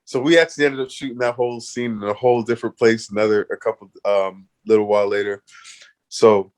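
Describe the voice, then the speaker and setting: A man's voice: lowish voice, fairly even intonation, quick pace. A man from Canada, a guest in an interview, telling a story animatedly with laughs and restarts.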